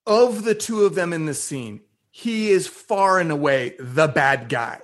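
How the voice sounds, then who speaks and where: A man in casual podcast chat, earnest, talking in quick bursts and restarting often. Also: a little high, lively intonation, a bit bright.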